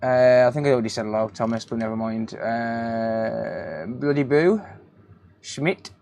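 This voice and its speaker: Creaky and medium-pitched, this man speaks at a measured pace over a little hiss or hum. He's a repair technician running a relaxed live stream, greeting viewers by name and calling them mate.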